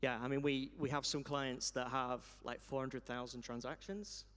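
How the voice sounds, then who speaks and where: A man on a conference panel, explaining how his software works in a matter-of-fact way. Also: mid-range voice, little pitch movement, normal speed, clear, resonant tone. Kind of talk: panel discussion. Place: conference hall. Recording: long hall reverb.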